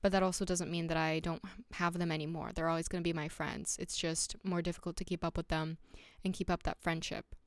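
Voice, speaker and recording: A young woman with a smooth, clear voice that sits a little low, recorded close and dry with no room sound. She talks through a casual solo podcast in a candid, reflective way, with plenty of "like" and "um" and sentences she restarts mid-thought. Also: level tone, fairly quick, no echo. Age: young adult. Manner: chatty, lots of "like" and "um", frequent restarts. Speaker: podcast host.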